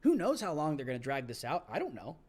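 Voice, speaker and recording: A man's voice: a little high, huge pitch swings, fast talker, darkish tone, husky. A man hosting a live political commentary stream, ranting with mocking sarcasm and laughing at his own jokes.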